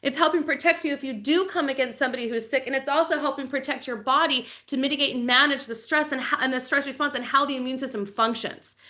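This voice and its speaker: A woman in her forties giving a fast, enthusiastic, chatty live-stream sales pitch for wellness products. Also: bright, forceful tone. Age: 40s.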